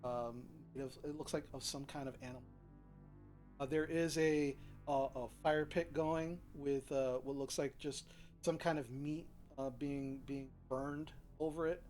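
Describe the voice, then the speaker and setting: Slow-talking man as game master. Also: on the high side, fairly even intonation, a little mellow, faint music behind. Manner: hesitant, lots of ums and restarts while describing the scene. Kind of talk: narrating a tabletop game.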